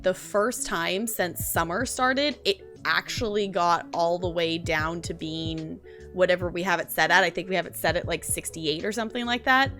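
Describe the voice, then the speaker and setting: A young woman chats with her stream viewers in a bright, clear voice. She rambles and restarts her sentences, full of fillers. Soft lo-fi music plays faintly behind her. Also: on the low side. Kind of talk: casual stream chat.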